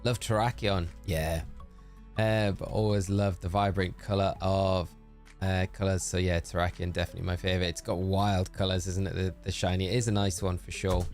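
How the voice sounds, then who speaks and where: Guy on a game stream, lowish voice, chatty, reads chat and mutters through puzzles. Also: level tone, normal speed, soft background music. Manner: chatty, reads out viewer messages and thinks aloud. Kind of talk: casual live-stream chat.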